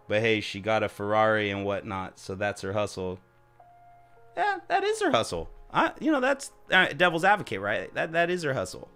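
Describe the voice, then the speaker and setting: A man streaming and chatting casually, joking and swearing often, sometimes jumping into high mock voices. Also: bright, forceful tone. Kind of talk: casual chat.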